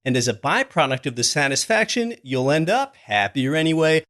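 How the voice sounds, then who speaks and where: A man's voice: on the high side, sing-song, normal speed, fairly bright tone. A man hosting a podcast, interviewing a guest and then talking to listeners in an earnest, recommending way. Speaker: podcast host.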